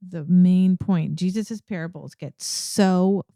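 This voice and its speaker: A woman's voice: lowish voice, slow, gravelly, dark tone, dry recording, clean studio sound. A woman co-hosting a conversational Bible discussion, emphatic and repeating phrases for stress. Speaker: podcast co-host.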